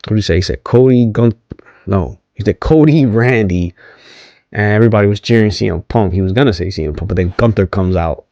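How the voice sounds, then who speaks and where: Low-voiced man rambling through a recap. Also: fairly quick, dark tone, no room sound, lo-fi sound. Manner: rambling, hesitant, many ums and self-corrections; asks viewers to comment. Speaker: wrestling recap host. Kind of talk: casual unscripted recap.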